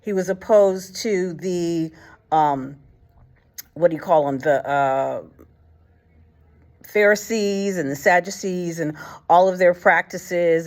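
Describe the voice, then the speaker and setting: A woman with a lowish voice hosts a casual faith talk, speaking slowly and pausing often. She is blunt and colloquial, retelling stories with acted-out quotes and plenty of fillers and restarts.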